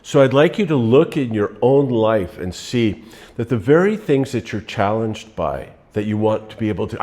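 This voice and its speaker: A man giving a relaxed, rambling motivational talk, telling stories to make his points. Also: mid-range voice, normal speed. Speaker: motivational speaker.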